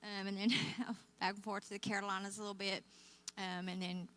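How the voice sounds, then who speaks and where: An older woman with a Southern twang speaks to a church crowd, chatty and folksy, often laughing at herself. Her voice is bright and forward, at a middle pitch for a woman. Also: flat delivery, normal speed. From Oklahoma, USA. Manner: warm folksy storytelling, frequent laughs and fillers. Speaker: guest speaker. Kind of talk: testimony talk to a church audience.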